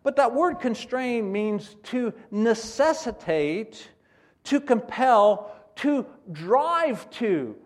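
A man preaching a sermon in an animated way, acting out scenes as he teaches. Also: extremely high pitch, extremely slow. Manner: animated, acts out scenes in character voices.

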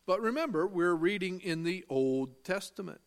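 A man's voice: sits high, expressive. A man preaching a sermon. He reads scripture aloud and explains it, stresses key phrases and asks the listeners questions, then answers them himself. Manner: slow, emphatic delivery, quoting scripture in old-fashioned wording.

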